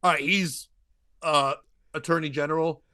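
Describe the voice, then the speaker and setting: A podcast host and comedian with a voice on the high side tells a long comic story at normal speed, acting out the voices of everyone in it. His delivery is animated and chatty. There's no room sound.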